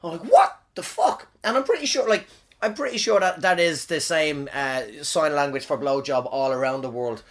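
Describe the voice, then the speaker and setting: Alone on his podcast, a thirtysomething Irishman rambles through crude, funny stories, cursing and frequently starting over. He speaks at a moderate pace in a fairly high, fairly bright voice.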